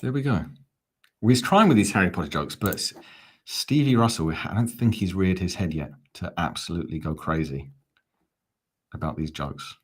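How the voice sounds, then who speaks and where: Give me a deep, slightly husky man hosting a football watch-along, calling the action and chatting with viewers. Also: lively intonation, normal speed. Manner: chatty play-by-play, answering viewer comments. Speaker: fan channel host. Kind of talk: live fan watch-along commentary.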